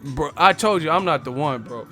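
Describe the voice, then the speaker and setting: A man with a slightly high voice riffs on a live stream, trading playful, boastful rap bars and cracking himself up between them. Faint music plays underneath him. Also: lively intonation, normal speed, sharp tone. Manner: playful, boastful, laughing at his own rhymes. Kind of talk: casual live stream chat, freestyle rapping.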